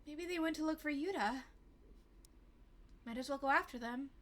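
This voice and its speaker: A woman's voice: high-pitched, normal speed, pitched above the performer's own voice, natural voice. A woman reading aloud the lines of an anxious young woman lost in a horror game, in an earnest, uneasy manner.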